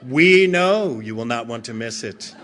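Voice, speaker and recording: A man voicing a smooth, deep male late-night TV announcer, crooning a slow sales pitch. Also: animated, a bit bright, some chatter behind, slight background noise.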